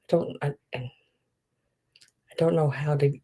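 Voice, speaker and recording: Slow-talking, low-voiced woman. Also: fairly even intonation, mellow, slightly rough. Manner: chatty, gushing, trails off with ums. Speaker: live-stream seller. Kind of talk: casual live-stream chat.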